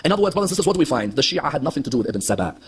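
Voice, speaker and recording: A man's voice: a little high, very animated, racing, slightly rough. A man giving an impassioned religious history lecture, asking the audience rhetorical questions and acting out quoted dialogue. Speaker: Shia preacher.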